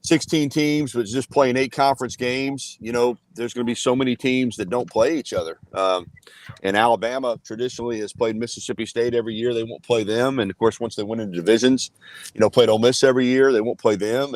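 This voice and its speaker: Male sports guest, mid-pitch, earnest, dry close mic. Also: no echo. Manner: earnest, filler-heavy analysis. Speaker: guest analyst. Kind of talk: casual sports talk.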